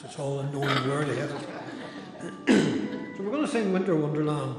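Northern Irish man telling jokes in an echoey hall. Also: a little high. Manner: chatty storyteller, quick to laugh. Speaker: carol service host. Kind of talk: joke-telling and leading a sing-along. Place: church hall. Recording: very echoey hall, faint music.

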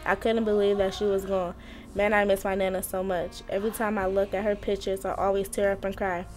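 Teen girl narrator, earnest read-aloud, flat even delivery, faint music bed. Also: mid-range voice, a little fast. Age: teens. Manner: steady, earnest reading. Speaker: storyteller.

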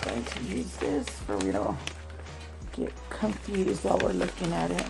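A woman hosting a craft swap unboxing vlog at home, talking slowly and gently and calling viewers "love" again and again. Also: lowish voice, sing-song, creaky, over music, rough recording. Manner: slow, gentle, calls viewers "love" often.

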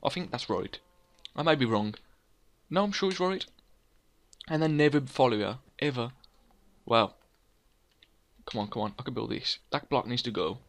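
A young man talks through his building in a loose, chatty way. He rambles, corrects himself and pokes fun at himself in a voice of ordinary pitch. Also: moderate pace, long pauses. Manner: rambling, self-mocking, chatty, laughs at own jokes. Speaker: let's play host. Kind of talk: casual gameplay commentary.

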